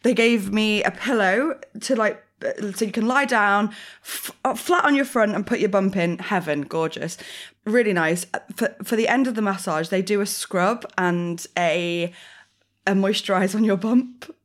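A woman's voice: medium pitch, normal speed. A young woman, eight months pregnant, telling rambling stories in a casual podcast chat. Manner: rambling, animated storytelling with frequent fillers. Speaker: podcast co-host.

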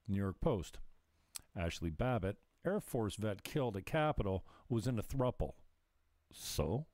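Deep-voiced sarcastic male commentator. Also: darkish tone, no room sound. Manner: sarcastic and profane, laughing often. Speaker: livestream commentator. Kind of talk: casual reaction commentary.

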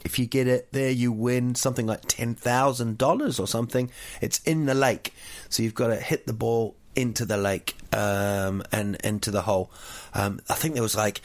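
A man's voice: lowish voice, moderate pace. A man from New Zealand with a New Zealand accent, chatting casually and telling rambling, jokey stories full of fillers and restarts. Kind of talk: casual chat.

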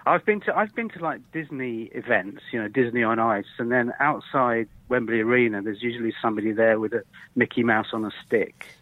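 A man's voice: mid-range voice, fairly quick. A man calls in to a radio show, chatty and a little nervous, joking along with the hosts. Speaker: caller. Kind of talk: radio phone-in call. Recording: tinny dry phone line.

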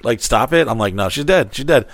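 Talking a little fast in a mid-range voice, a man on a podcast shares a wild story with free-flowing profanity, animatedly voicing the quotes himself.

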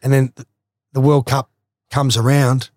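A man's voice: mid-range voice, little pitch movement, moderate pace, a little mellow. Aussie guy, guest yarning away, swears a lot, dry close sound, no room echo. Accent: Australian. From Australia. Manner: swears freely, rambling anecdotes. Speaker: guest, former athlete. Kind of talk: casual storytelling.

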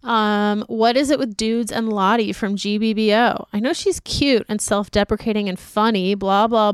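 A woman's voice: mid-range voice, normal speed, few pauses, clear, resonant tone, no echo, clean studio sound. A woman co-hosting a casual podcast, reading listener emails aloud with chatty asides. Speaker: podcast co-host.

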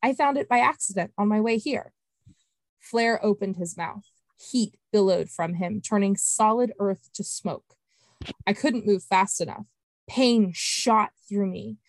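A woman podcast host reading an excerpt of her fantasy novel in steady, clear storytelling. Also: mid-range voice, no echo.

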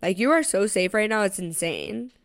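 A woman's voice: medium pitch, expressive, moderate pace, dry recording, clean studio sound. A woman co-hosting a podcast in casual chat, blunt and profane but reassuring. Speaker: podcast co-host.

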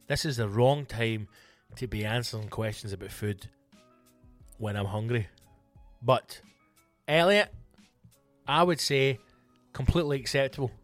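Alone on his comedy podcast, a Scottish man with a mid-pitched voice talks directly to listeners. He swears freely and puffs himself up into a mock-grand tone while answering their questions, with faint music underneath.

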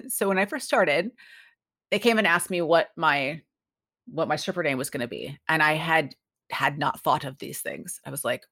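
Animated woman telling stories. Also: sits low, normal speed, vocal fry. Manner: animated, acts out quoted voices. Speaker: podcast guest. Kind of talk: casual storytelling chat.

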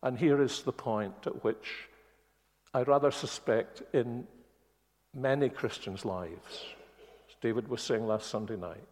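A man preaching a sermon in a church, speaking earnestly and slowing on key words. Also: mid-range voice, darkish tone. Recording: long reverb of a church hall.

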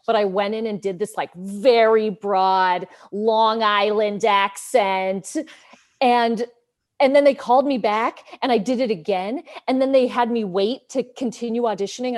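A woman in her thirties, an actress talking in a relaxed interview, chatty and self-deprecating, acting out quoted lines with lively shifts in voice. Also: a little high. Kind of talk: casual interview chat.

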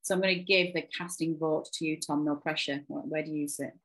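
A woman's voice: sits low, fairly even intonation, brisk, fairly bright tone, low-quality recording. A woman hosting a casual football podcast, chatting with hesitant ums and restarts. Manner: hesitant, lots of ums, laughs easily. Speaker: podcast host.

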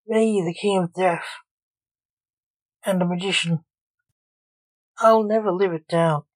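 A woman reading as a proud, grieving man who talks earnestly and defends himself, slow and lowish. The voice is close and dry. It is a storybook reading with only a light character touch. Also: fairly even intonation, dry recording, low-quality recording.

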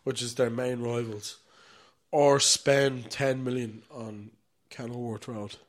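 A man's voice: medium pitch, flat delivery, slow pace. A young Irish man co-hosting a casual chat podcast, telling stories with frequent laughs and casual swearing. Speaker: podcast co-host.

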